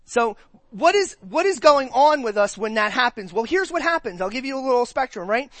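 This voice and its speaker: A pastor's sermon to the church takes a conversational form: he poses questions and animatedly mimics the listeners' responses in rapid put-on voices. The mid-range voice is recorded dry.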